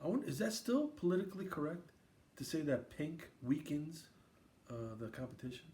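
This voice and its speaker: A man's voice: a little high, sing-song, moderate pace, warm tone. A man from Queens hosting a casual sports podcast, riffing and raising toasts. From Queens, New York. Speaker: podcast host.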